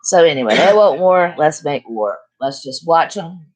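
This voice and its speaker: A woman's voice: sits low, lively intonation, normal speed, a little mellow. An older woman hosting a casual chat, talking bluntly and emphatically. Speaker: channel host.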